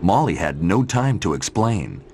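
Animated low-voiced male storyteller. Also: measured pace, a little hiss or hum. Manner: animated, expressive. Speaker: narrator. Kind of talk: children's storybook narration. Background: background music.

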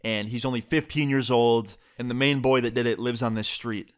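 A young man voicing a furious middle-aged father who yells and then apologizes in a rush. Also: medium pitch, steady tone, smooth, natural voice. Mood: apologetic. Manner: yelling, then rushed and apologetic.

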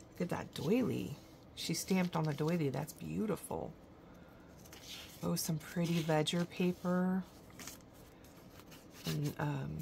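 A woman's voice: on the low side, vocal fry, darkish tone, a little hiss or hum. A woman hosting a craft vlog, gushing with admiration as she shows off handmade gifts indoors. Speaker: craft channel host. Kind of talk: show-and-tell unboxing vlog.

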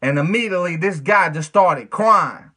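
A man's voice: high voice, animated, moderate pace, bright, forceful tone. A man preaching earnestly in a casual, informal way, telling of a dream and then speaking straight to the listener as "my friend.". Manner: plain informal speech, says "man". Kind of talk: devotional sermon.

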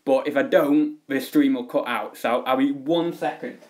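A man's voice: mid-range voice, normal speed, noisy background. A young man chatting casually on a home live stream, rambling with many fillers.

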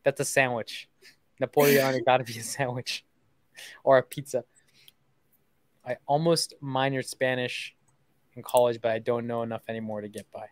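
A young woman hosting a casual live stream, excitable and jokey, swearing freely and teasing herself. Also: extremely low pitch, normal speed, long pauses, no room sound. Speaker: streaming host making sales calls.

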